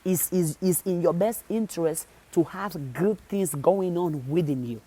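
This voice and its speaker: Her voice low, unhurried and mellow with a breathy edge, a woman delivers a motivational talk to viewers. She stays insistent and direct, repeating phrases repeatedly to make her points stick.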